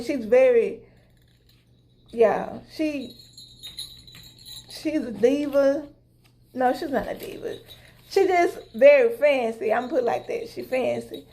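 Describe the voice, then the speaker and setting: A young woman, telling her viewers a story in a vlog and acting out both sides of a conversation. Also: high voice. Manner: animated, retelling conversations with lots of "I was like". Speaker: vlogger.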